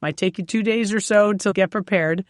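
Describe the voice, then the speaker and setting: A woman chef from New York, a guest on an interview show, telling lively stories with frequent laughs and fillers. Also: medium pitch, normal speed, no echo, clean studio sound. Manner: animated storyteller, laughs often, many fillers. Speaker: chef and cookbook author, guest. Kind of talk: casual interview chat.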